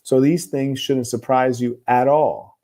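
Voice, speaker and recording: A man in the host's chair reads viewer letters aloud and comments on them in a steady, lecturing tone. His voice sits at an ordinary middle pitch. His opinions come out blunt and moralizing, yet his delivery stays calm. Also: unhurried. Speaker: host. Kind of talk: relationship advice commentary, reading viewer letters.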